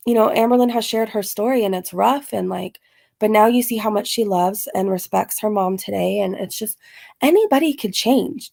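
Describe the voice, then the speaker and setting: Young woman host, gravelly fry in the voice, loose filler-heavy chatter, live Q&A vlog. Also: medium pitch, a little mellow. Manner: rambling, filler-heavy talk with frequent "like"; reads out and answers chat comments. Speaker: channel host answering viewer questions. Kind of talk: casual live Q&A chat.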